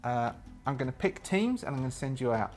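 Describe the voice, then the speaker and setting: A man voicing a blunt woman who leads a survivor haven in a zombie role-playing game, in his own everyday voice, bossy and brisk as she hands out orders. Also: mid-range voice, sing-song, darkish tone, soft background music.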